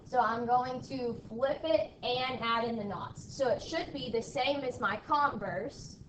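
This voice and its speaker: A woman teacher speaks slowly and deliberately, her fairly high voice reaching the mic from across an echoey classroom. She drills her class with call-and-response repetition and checks in with "okay?" again and again. Faint room noise sits under her voice. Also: fairly bright tone, far from the mic. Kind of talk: classroom math lesson.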